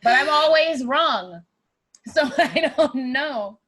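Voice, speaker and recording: A woman's voice: sits high, animated, slow, fairly bright tone. A woman co-hosting a podcast, chatting casually and animatedly, swearing and laughing often. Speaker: podcast co-host. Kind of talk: casual wrestling chat.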